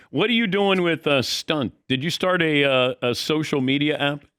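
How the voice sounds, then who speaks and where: A man's voice: on the high side, unhurried, a bit bright, clean tone. A man hosting a sports talk show, teasing and needling his guest. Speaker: host.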